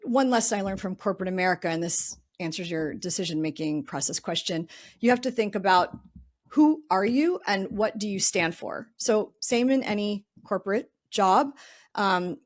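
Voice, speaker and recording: A woman's voice: medium pitch, animated, moderate pace. A middle-aged woman speaking as a guest in a casual podcast interview, chatty and thinking aloud with plenty of filler words. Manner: chatty, lots of "um" and "you know", thinks aloud. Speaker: podcast guest, real estate investor.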